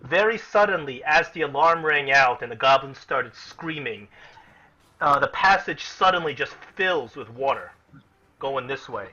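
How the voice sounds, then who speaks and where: A man's voice: medium pitch, lively intonation, a little slow, pushed and bright. A man narrating as game master in an online tabletop game, casual and explanatory, with many fillers and restarts, on muffled lo-fi audio.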